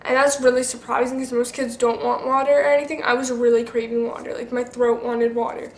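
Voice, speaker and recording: A teenage girl with a high voice chats to her camera, telling a story in a loose, rambling way full of fillers and restarts. She is recorded in an echoey room with a faint hum behind her. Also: little pitch movement, fairly quick. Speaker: vlogger.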